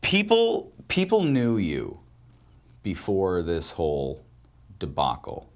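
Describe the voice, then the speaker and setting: A man's voice: deep voice, huge pitch swings, takes it slowly. A man hosting a podcast, asking conversational questions that prompt the guest to go on. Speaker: podcast host. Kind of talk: interview questions. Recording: voice from off-mic.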